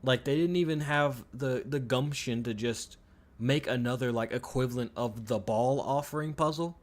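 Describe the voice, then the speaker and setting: At normal speed and medium pitch, a man rants through live commentary on a video game he's streaming. Frustration drives heavy swearing, repetition and sentences that trail off and restart.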